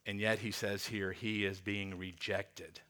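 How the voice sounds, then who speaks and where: Bright-voiced man preaching earnestly. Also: lowish voice, little pitch movement. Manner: earnest, slows and drops softly on key words; repeats words while restarting. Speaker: pastor. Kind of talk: sermon.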